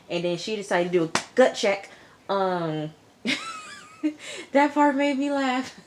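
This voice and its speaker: A young woman who reviews TV shows on video chats casually with her viewers, recapping an episode. Her mid-range voice has a sing-song lilt and a slow pace, and she laughs often while speaking straight to the audience.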